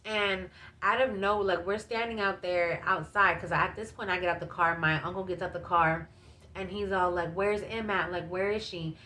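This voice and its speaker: A woman's voice: lowish voice, steady tone, moderate pace, bright, forceful tone, slight background noise. Chatty woman telling a storytime. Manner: chatty, peppered with fillers and asides to viewers. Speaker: vlogger. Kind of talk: casual storytime.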